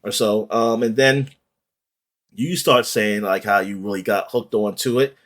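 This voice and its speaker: This podcast co-host has a fairly low voice and talks a little slowly. In casual chat, he retells things in a rambling, animated way, full of fillers and the occasional swear word.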